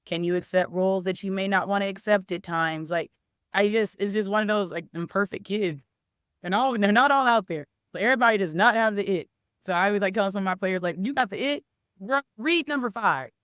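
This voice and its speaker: Animated, smooth-voiced woman telling a story. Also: mid-range voice, brisk, no echo, studio quality. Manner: animated storytelling, many "like" fillers, acts out quoted speech. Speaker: softball coach and former college player. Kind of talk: casual interview talk.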